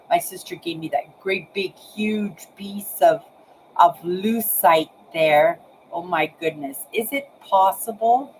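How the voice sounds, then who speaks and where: A woman's voice: a little high, a little hiss or hum, rough recording. A woman in her sixties talking casually to her webcam at home, rambling and repeating words as she speaks to her viewers. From Canada. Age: 60s. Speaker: vlogger. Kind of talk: casual talk to camera. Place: apartment, indoors.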